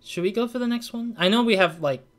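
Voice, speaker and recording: A young adult man talks through a game as he plays, chatting casually and thinking out loud. His voice sits a little higher than most men's, and he rambles, trailing off and circling back with plenty of filler words. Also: quick pace. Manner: rambling, thinking aloud with many "like" and "kind of". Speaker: let's play gamer.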